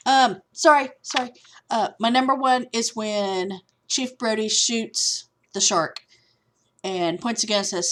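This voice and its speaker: A woman's voice: fairly high pitch, expressive, moderate pace, a bit bright, a little hiss or hum. Chatty woman vlogger. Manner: chatty, candid, easily sidetracked. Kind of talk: casual chat. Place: at home with a cat.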